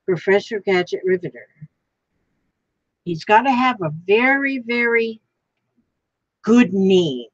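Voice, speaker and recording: Slow, musing woman crafting at home. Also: mid-range voice, animated, dry recording, dull audio. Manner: rambling, musing over names, chatting to her craft piece. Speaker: crafting vlogger. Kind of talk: casual thinking aloud while crafting.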